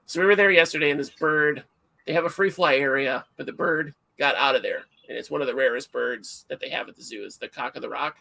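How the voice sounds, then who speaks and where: Creaky, bright-voiced middle-aged man. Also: on the high side, brisk. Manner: animated storyteller, self-mocking, acts out shouts. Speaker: livestream host. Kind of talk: casual livestream chat.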